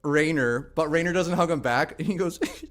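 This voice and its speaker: A man running a tabletop game as dungeon master, narrating with frequent laughs and halting restarts. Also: fairly high pitch, fairly bright tone.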